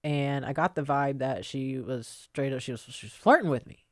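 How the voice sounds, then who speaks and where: A woman's voice: very deep voice, moderate pace, no room sound. A woman, a podcast co-host and pro wrestler, telling stories in a casual studio chat and laughing often as she talks. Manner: animated storyteller who laughs often.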